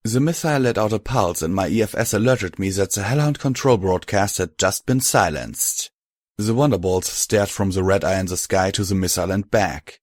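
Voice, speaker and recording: A man narrating an audiobook in a steady, measured storytelling voice. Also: sits low, no echo. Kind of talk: scripted narration.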